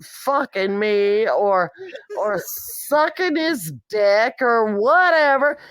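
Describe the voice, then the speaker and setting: A woman's voice: on the high side, lively intonation, extremely slow, a bit bright, clear, resonant tone, dry recording. A woman vlogger in a candid monologue, talking bluntly and profanely with an exasperated edge.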